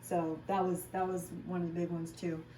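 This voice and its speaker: A candid woman in a relaxed vlog chat, talking openly with plenty of ums and likes. Her voice sits at an ordinary pitch and comes from a little way off the mic. The room around her adds a noticeable echo. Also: brisk. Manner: frank and chatty, with many fillers. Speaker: fitness vlogger and class instructor. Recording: roomy sound, voice from a distance.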